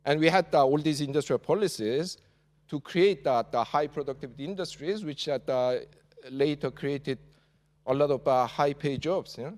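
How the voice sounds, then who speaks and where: A guest lecturer from South Korea speaks English with a Korean accent in a large lecture hall, his voice on the high side, a little mellow, and at normal speed. He uses many "uh" fillers and closes points with a questioning "yeah?", and the recording carries the hall's reverb.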